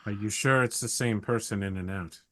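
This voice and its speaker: A man's voice: lowish voice, fairly quick, bright, forceful tone. A man playing a tabletop game, tossing in playful jokes between moves. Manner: joking, playful asides. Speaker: player.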